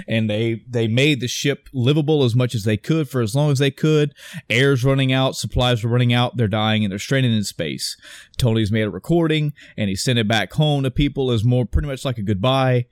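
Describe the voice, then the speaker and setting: Brief: young adult man, casual movie recap, animated and profane, dry close sound. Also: mid-range voice, moderate pace, dry recording. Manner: animated retelling with swearing and acted quotes. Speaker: podcast co-host discussing a movie. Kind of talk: casual chat.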